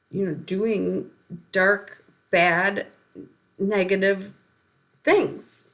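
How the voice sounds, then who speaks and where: A woman telling a personal spiritual story in a rambling way, with many fillers and short laughs. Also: mid-range voice.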